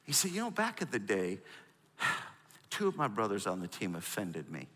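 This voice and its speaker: A middle-aged man preaching a sermon, animated and storytelling, prompting the congregation. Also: fairly low pitch, moderate pace, long reverb tail. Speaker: pastor.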